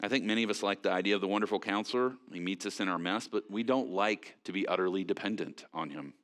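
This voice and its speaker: A man preaching a sermon in a conversational, animated way, with frequent fillers and restarts. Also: on the low side, quick pace. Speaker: pastor.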